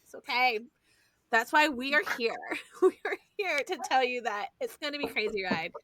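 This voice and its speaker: A woman, hosting a podcast and telling stories in a lively, foul-mouthed, chatty way. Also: sits high, moderate pace, noisy background. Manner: animated storyteller, swears freely, addresses listeners as y'all. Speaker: podcast host. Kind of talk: casual chat.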